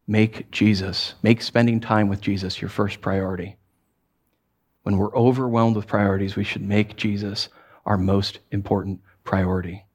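A male pastor preaching a sermon in a conversational, playful way, with self-deprecating humor and emphatic repetitions. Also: fairly low pitch.

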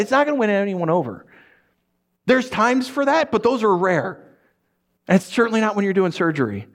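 A man's voice: high voice, normal speed. A man preaching a sermon, telling stories and acting out the people in them. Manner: animated storytelling, acts out shouting characters. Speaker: pastor.

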